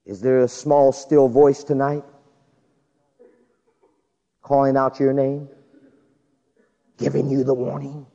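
This preacher speaks slowly at medium pitch, with vocal fry and frequent pauses, bringing the characters of his story to life in an animated sermon. The sound is dull and carries a long hall reverb.

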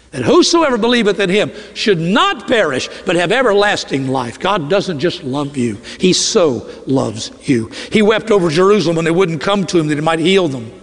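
A middle-aged male pastor preaching a sermon, earnest, slowing and dropping his voice low on key phrases. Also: big-room sound.

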